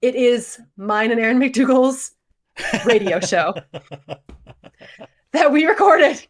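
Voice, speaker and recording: Speaking slowly in a fairly high voice, this podcast co-host in her forties spins an animated story during a relaxed conversation. Laughter breaks in again and again.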